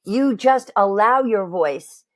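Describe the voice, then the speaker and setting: A woman vocal coach chatting casually about a song, lively, and acting out voices as she talks. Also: medium pitch, takes it slowly. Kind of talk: casual chat, reacting to a song.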